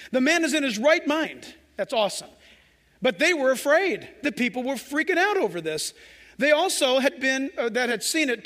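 A male pastor delivers an impassioned sermon in a very high, ringing voice. His tone is bright and forceful, and long reverb from a large hall trails every phrase. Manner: impassioned preaching, acts out quoted voices.

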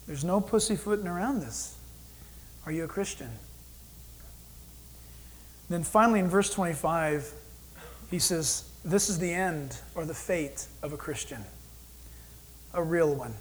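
A man preaching a sermon as pastor, animated, acting out God's voice in quoted asides. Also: on the high side, a little slow, long pauses, poor audio.

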